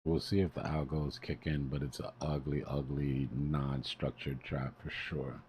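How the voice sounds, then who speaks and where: A man's voice: a bass voice, flat delivery, measured pace, a little mellow, slight background noise. A man hosting a casual trading live stream, talking in a laid-back, slangy, coaching way. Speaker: host and technical analyst.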